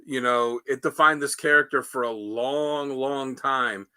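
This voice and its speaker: A man hosting a casual podcast about comic books, telling the stories in a rambling, animated way with lots of fillers. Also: medium pitch, unhurried, clear, resonant tone. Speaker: podcast host. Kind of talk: casual comic book discussion.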